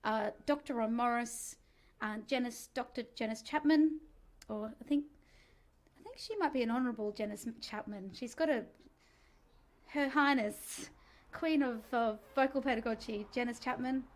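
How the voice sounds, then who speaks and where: Leading an easygoing vocal warm-up, a female singing teacher chats encouragingly and makes self-deprecating asides. She speaks at a moderate pace in a fairly high voice.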